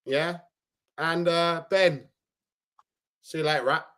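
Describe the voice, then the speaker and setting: A man shouting goodbyes into the mic during a casual live stream chat. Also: a little high, steady tone, slow, no echo, studio quality.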